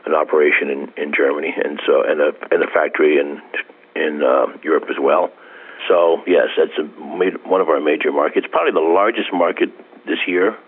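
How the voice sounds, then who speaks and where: A man answering interview questions in a measured, halting way, like an industry veteran. His voice is deep and a little husky. It comes through a tinny phone line. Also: steady tone. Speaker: company executive guest.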